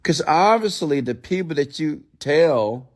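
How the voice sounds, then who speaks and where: A man's voice: a little high, expressive, measured pace. A man giving a blunt, profane late-night motivational rant, mocking people in a raised voice as he quotes their excuses. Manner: mimics others in a raised voice. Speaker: motivational speaker.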